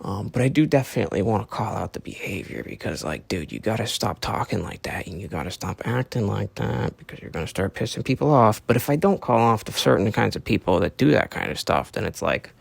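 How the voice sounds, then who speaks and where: A man's voice: fairly low pitch, very animated, a little fast, creaky, few pauses, breathy edge, no echo. A young man hosting his own podcast, talking in a casual, profane, rambling monologue with earnest lecturing. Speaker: podcast host.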